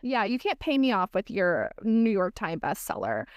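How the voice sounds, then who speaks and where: A woman's voice: mid-range voice, sing-song, normal speed, clear, resonant tone, no echo, studio quality. A woman co-hosting a book podcast, chatting casually about the plot and animatedly quoting the characters. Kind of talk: casual book recap chat.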